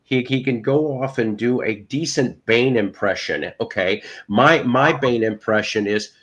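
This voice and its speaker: A man's voice: mid-range voice, unhurried, a bit bright, poor audio. A man co-hosting a casual show, rambling through crude jokes and repeating himself. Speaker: podcast co-host. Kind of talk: casual joking chat.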